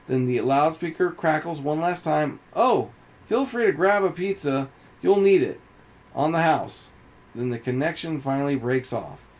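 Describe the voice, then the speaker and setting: Gravelly man reading a game story aloud. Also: mid-range voice, a little mellow. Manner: slow, deliberate reading with small slips. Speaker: game streamer.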